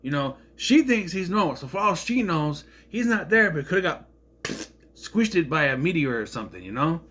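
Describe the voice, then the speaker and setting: Guy ranting thru a tv recap, kinda sarcastic, voice jumps all over, a bit high. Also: very animated, moderate pace, fairly bright tone, a little hiss or hum. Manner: sarcastic, rambling, sputters with indignation. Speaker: show reviewer. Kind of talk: casual rambling recap.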